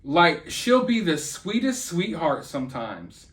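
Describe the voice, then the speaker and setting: High-voiced man ranting indignantly. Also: big pitch swings, slow pace, a bit bright. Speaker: channel host. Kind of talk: celebrity gossip commentary.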